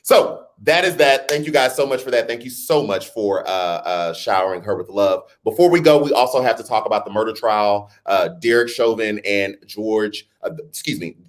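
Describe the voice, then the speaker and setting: A man's voice: fairly low pitch, normal speed, few pauses. Chatty man hosting a live stream. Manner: chatty, talks straight to viewers, laughs at himself; jokingly puts on a newscaster voice. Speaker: host. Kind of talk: casual live-stream chat.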